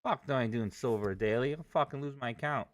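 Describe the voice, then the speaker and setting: A man's voice: mid-range voice, fast talker, very noisy. A man livestreaming his day trading, ranting with heavy profanity. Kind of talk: live trading stream commentary.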